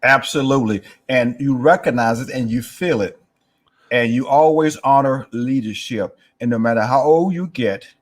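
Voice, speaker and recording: A man in his sixties from East Texas, a guest telling a story in an interview and acting out the voices of people he quotes. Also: medium pitch. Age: 60s.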